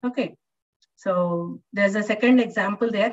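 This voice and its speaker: A woman's voice: mid-range voice, moderate pace. A female English lecturer teaching an online class, patient and repetitive, with many fillers. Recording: distant, dull lo-fi online audio.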